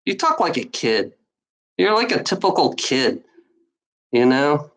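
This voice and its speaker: A woman's voice: sits low, big pitch swings, measured pace, poor audio. A woman streamer ranting at online trolls in a casual, profane, rambling way, full of sarcasm and repeats. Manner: mocking laughs. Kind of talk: casual rant to a live audience.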